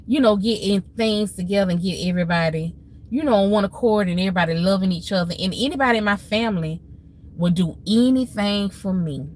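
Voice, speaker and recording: A woman's voice: on the low side, a little hiss or hum. A woman hosting a live stream, talking casually and earnestly to her viewers, telling family stories in a heartfelt, preachy way. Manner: heartfelt, preachy storytelling with Southern Black church phrasing.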